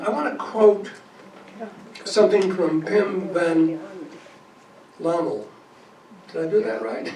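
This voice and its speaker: A man's voice: fairly high pitch, darkish tone. A man giving a talk to a support group, reading quotes aloud and correcting small slips as he goes. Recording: echoey room, mic far off, faint noise.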